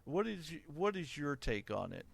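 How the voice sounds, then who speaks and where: A man's voice: fairly high pitch, sing-song, normal speed, vocal fry, no room sound. A middle-aged man hosting a podcast, talking frankly and opinionatedly in casual chat, laughing often. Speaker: podcast host.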